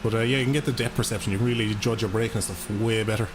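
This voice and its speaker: A man's voice: fairly low pitch, fairly even intonation, very fast, background noise. A young Irish man chatting casually and swearing freely to his viewers while he plays a racing game live. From Ireland. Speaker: gaming streamer. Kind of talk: casual live-stream commentary while playing. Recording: game music and engine sounds behind. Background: racing game music and car engines.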